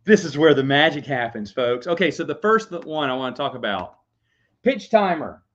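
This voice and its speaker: Rambling young dad on a dull recording. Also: male voice, fairly high pitch, expressive, normal speed, fairly bright tone. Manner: rambling, laughs often, talks to his baby. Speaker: vlogger. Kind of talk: casual chat. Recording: dull lo-fi sound.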